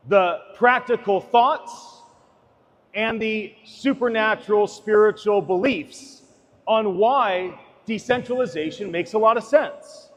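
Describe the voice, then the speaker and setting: A man giving an impassioned, sermon-like talk, swinging between loud declarations and hushed asides. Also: high voice, big-room sound.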